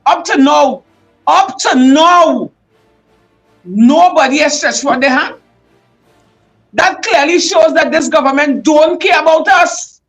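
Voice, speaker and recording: A woman's voice: sits high, a bit bright, poor audio. A woman with a Trinidadian accent hosting a livestream, emotional and fired up, often raising her voice as she speaks out. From Trinidad and Tobago. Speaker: livestream host. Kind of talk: impassioned live commentary.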